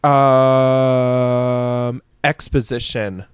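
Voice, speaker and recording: A man's voice: medium pitch, level tone, drawn-out words, clear, resonant tone, no room sound. A man hosting a podcast, reviewing a book in casual chat, profane and sassy, rambling with many fillers and laughs. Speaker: podcast host.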